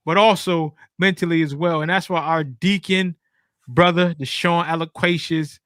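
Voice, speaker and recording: A man's voice: on the high side, fairly even intonation, moderate pace, fairly bright tone, smooth, no echo, studio quality. A man hosting a podcast in casual chat, introducing segments and wrapping up in an upbeat, announcer-like way. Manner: upbeat, announcer-like wrap-ups. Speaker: podcast host.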